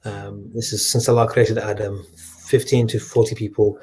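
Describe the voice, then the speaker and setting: Husky guy telling stories, animated, keeps restarting his sentences. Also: lowish voice, moderate pace. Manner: animated storyteller with frequent restarts. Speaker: guest, humanitarian charity leader. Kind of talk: storytelling in a conversation.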